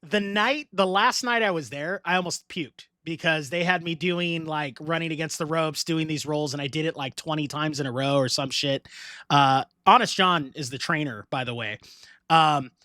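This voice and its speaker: A middle-aged man hosting a casual podcast chat, animated, laughing often and swearing freely. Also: fairly high pitch, moderate pace, no room sound, studio quality. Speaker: podcast host.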